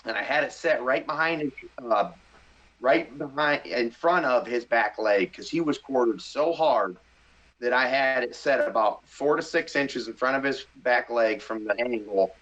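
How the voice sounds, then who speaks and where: A middle-aged man from the Midwest telling a story in a casual interview, animated and excitable, acting out his own thoughts. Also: mid-range voice, moderate pace. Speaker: hunting show host, podcast guest. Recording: slightly dull podcast audio.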